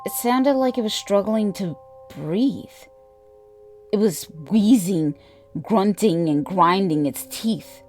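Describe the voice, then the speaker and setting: Female narrator, scripted horror tale, unhurried measured delivery, medium pitch. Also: animated, darkish tone, soft background music. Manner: measured, deliberate storytelling.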